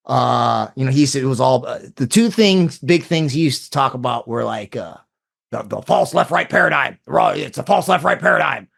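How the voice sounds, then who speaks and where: A man with a fairly high, gravelly voice, speaking as a guest in a casual interview. He rambles, restarts his sentences and piles on fillers, then breaks into animated asides.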